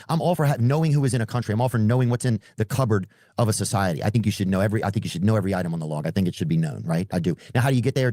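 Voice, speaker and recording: Man, rapid rambling storytelling, halting, searches for words, dry close sound. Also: lowish voice, warm tone, no echo.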